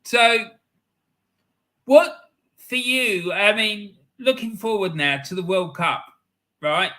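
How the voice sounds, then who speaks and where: A man's voice: sits high, slow pace, pushed and bright. A man hosting a casual football podcast interview, chatty and agreeable as he asks questions.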